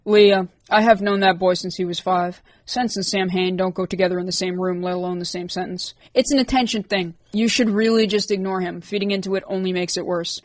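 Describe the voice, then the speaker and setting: A man's voice: high-pitched, fairly even intonation, fairly quick, few pauses, no room sound, lightly acted. A woman voicing Matt, a level-headed teenage boy who talks dryly and wearily. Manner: dry, sighing.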